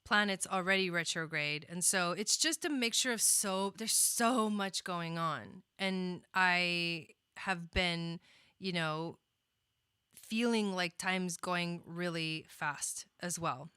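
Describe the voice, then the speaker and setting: A woman's voice: lowish voice, takes it slowly, sharp tone, clear, resonant tone, dry recording, studio quality. A young woman hosting an astrology livestream, chatting in a rambling way, with lots of fillers, restarts and laughter as she greets viewers by name. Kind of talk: casual livestream chat.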